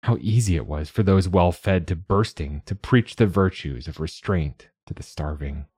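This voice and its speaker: A man narrating a novel in the first person with measured, steady delivery. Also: low-pitched, slightly rough. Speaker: audiobook narrator.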